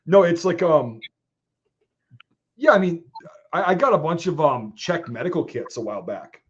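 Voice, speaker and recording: Profane, animated male stream host. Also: on the high side, moderate pace, dull audio. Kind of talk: casual chat.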